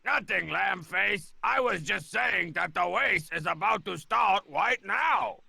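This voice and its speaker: An actor playing a boastful, scheming cartoon tough guy in a video game, with a gravelly, theatrical voice. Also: high-pitched, lively intonation, takes it slowly, bright, forceful tone, dry recording, exaggerated voice. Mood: gleeful.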